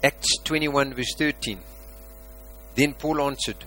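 A man's voice: medium pitch, animated, measured pace, a little hiss or hum, rough recording. Emphatic preacher man. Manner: emphatic preaching with rhetorical questions, swings from loud to quiet. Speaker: pastor. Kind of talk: sermon.

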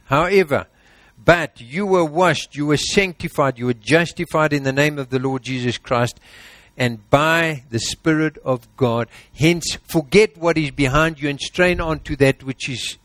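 A man's voice: a little high, a bit bright, no room sound. A man preaching a sermon, emphatic and exhorting, piling up lists.

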